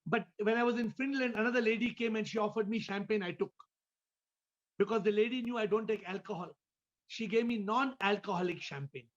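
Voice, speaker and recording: A man's voice: sits high, brisk, dull audio. A man, a spiritual teacher, giving a question-and-answer talk over a video call, often repeating words and asking listeners questions.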